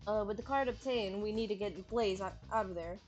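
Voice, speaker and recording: A woman's voice: medium pitch, brisk, darkish tone, lo-fi sound, soft background music. A woman streamer giving casual gameplay commentary, giggling often, swearing freely and riffing on her own jokes.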